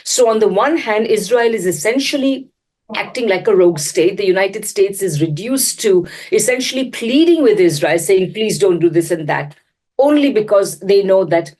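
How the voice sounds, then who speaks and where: A woman giving measured political commentary, explaining her points at length and often restarting a sentence. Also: medium pitch, lively intonation, darkish tone. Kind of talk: analytical commentary.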